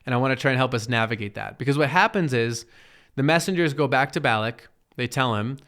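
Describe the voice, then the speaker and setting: A man gives a relaxed Bible teaching. He retells the passage conversationally, acts out the quoted characters, and often checks in with "right?". His voice is smooth, resonant and mid-pitched. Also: quick pace.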